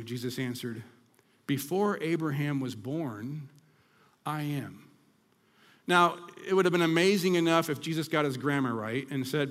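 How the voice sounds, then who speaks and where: Male pastor preaching, a little high-pitched, slows down for dramatic scripture lines; echoing hall. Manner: dramatic scripture reading with emphatic slowdowns. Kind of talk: sermon. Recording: long reverb of a hall.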